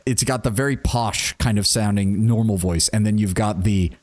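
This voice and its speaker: A man with a fairly low voice chatting through a game stream. He rambles, laughs easily, and reads the game's text aloud in between his remarks. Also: normal speed, a little mellow. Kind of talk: casual gameplay commentary and reading game text.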